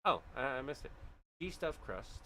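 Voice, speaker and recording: A man's voice: mid-range voice, very animated, moderate pace, pushed and bright, a little hiss or hum. A man chatting casually on a livestream, rambling and joking with plenty of ums and uhs. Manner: rambling and jokey, with frequent fillers. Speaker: streamer.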